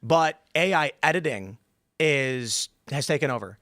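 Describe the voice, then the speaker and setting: A man hosting a podcast in casual panel chat who tells animated stories and acts out other people's lines in a higher voice. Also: unhurried, dry recording, studio quality. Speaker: podcast host.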